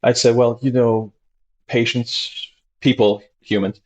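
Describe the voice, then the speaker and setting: A man, a doctor talking as a guest, telling stories animatedly and acting out his patients in sudden high voices. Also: level tone, slow pace, darkish tone. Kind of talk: animated conversational storytelling.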